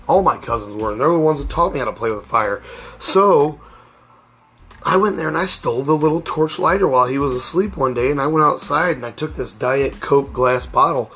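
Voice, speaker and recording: A man's voice: mid-range voice, normal speed, a bit bright, soft background music. A middle-aged man hosting a casual storytelling podcast, speaking candidly and rambling with frequent restarts. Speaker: podcast host.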